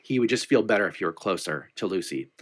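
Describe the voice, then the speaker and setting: A man's voice: low voice, expressive, fast talker. A man co-hosting a podcast, chatting casually as he retells scenes from a TV episode and quotes the characters. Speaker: podcast co-host. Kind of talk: casual chat recapping a TV episode.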